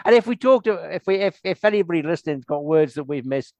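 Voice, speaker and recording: A man's voice: fairly high pitch, animated, fast, darkish tone, dry recording. An older man hosting a podcast in casual chat, rambling with restarts and laughing often. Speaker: podcast host.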